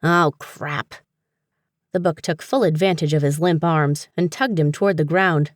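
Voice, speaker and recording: A woman reading a humorous fantasy audiobook in a steady, even storytelling manner. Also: sits low, moderate pace, no room sound, clean studio sound. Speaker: audiobook narrator. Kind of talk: scripted narration.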